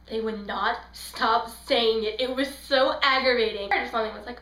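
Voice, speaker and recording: A woman's voice: on the high side, steady tone, moderate pace, a bit bright, roomy sound, rough recording. A young woman giving a casual, gushing fangirl movie review, rambling and acting out the scenes she retells. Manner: gushing, rambling, acts out scenes in quoted voices. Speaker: book and film reviewer.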